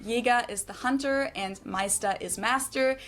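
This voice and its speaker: A German woman living in the US, speaking with a German accent, narrates a scripted explainer that appears in a clip someone is reacting to. Her voice sits on the high side and is a bit bright. Precise and instructive, she repeats pronunciations slowly and carefully.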